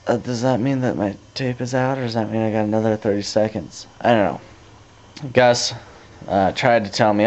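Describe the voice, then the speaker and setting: A teenage boy casually telling a story to his camera, rambling with restarts and growing animated as he retells it. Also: fairly low pitch, normal speed. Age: teens. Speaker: vlogger. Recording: dull lo-fi camcorder tape audio.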